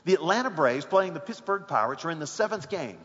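High-voiced man preaching in a hall. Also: fairly quick, dull audio. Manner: storytelling, building to excited shouts. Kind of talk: sermon.

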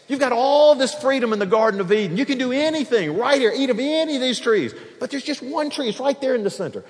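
A man preaching an expository sermon, acting out dialogue and swinging between loud and soft. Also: high-pitched, fairly quick. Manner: animated, acts out dialogue, varies loudness. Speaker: pastor. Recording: long hall reverb.

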